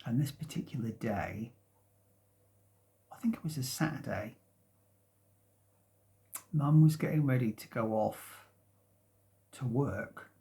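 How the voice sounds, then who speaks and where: A man in his fifties, rambling casually at home about his past, hesitant and meandering with many restarts and soft chuckles. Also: mid-range voice, slow, gravelly, long pauses. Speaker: vlogger. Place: at home, sitting in a sunlit room.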